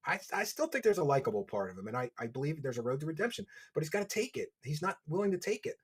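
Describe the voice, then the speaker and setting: A man with a Philadelphia accent hosting a livestream, reading donations and mocking his subject with loud bursts. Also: on the high side, big pitch swings, fast talker, slightly rough. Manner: mocking, loud bursts, reads chat aloud. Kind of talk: casual livestream commentary. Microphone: desk microphone.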